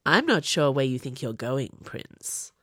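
A woman's voice: huge pitch swings, slow, no echo, clean studio sound, exaggerated voice. Woman doing a sly, purring young man. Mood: teasing. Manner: soft, teasing, low.

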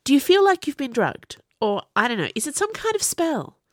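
A woman's voice: high voice, very animated, normal speed, no room sound, studio quality, pitched above the performer's own voice. A woman reading as a fierce, worried young woman who insists and demands answers.

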